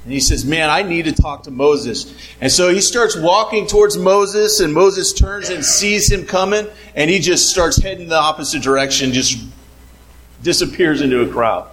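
Man telling jokes to a crowd, slightly high-pitched, halting delivery with repeats. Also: a bit bright, low-quality recording. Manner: halting, repeats words, plays up punchlines. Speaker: speaker telling jokes to a group. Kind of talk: casual joke-telling.

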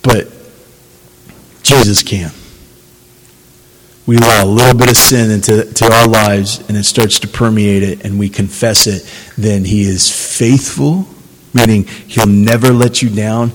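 A man's voice: fairly low pitch, a little slow, long pauses, a bit bright, in a large hall, a little hiss or hum, rough recording. A man preaching a sermon, earnest and conversational, building to emphatic passages. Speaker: pastor.

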